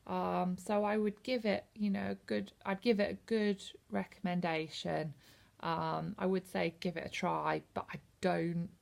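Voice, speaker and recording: A woman's voice: on the low side, flat delivery, measured pace, gravelly. A woman in her thirties from the UK, casually reviewing a book on camera in a rambling, hesitant way with lots of ums. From United Kingdom. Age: 30s. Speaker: book vlogger.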